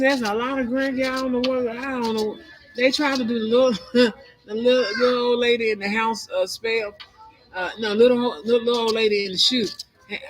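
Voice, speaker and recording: A woman with a fairly high voice hosts a tarot and spiritual channel, rambling through a conspiratorial monologue and laughing between thoughts. Music plays in the noisy background.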